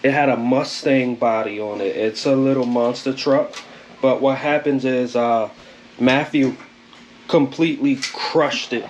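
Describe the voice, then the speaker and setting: A man hosting a casual home vlog, talking in a relaxed, rambling way with laid-back slang. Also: medium pitch, moderate pace, background noise. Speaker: vlog host. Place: home indoors.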